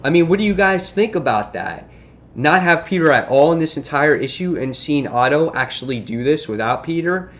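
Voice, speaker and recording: Excitable man reviewing a comic. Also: fairly high pitch, moderate pace, highs cut off. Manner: excitable, retells the story with acted-out quotes. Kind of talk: casual vlog review.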